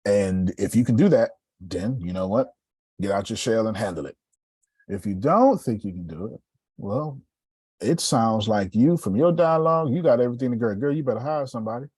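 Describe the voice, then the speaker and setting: A middle-aged man coaching a sales class, animated and preachy, tossing questions to the room. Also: lowish voice, normal speed, slightly rough, dry recording. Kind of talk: live coaching session.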